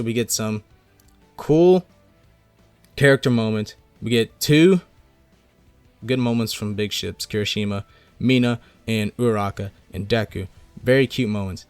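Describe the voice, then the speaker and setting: A man's voice: medium pitch, moderate pace, no echo, faint music behind. A young man hosting a casual manga chapter review, rambling and gushing, leaning on filler words. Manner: rambling, gushing, heavy on "you know" fillers. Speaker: manga reviewer, channel host.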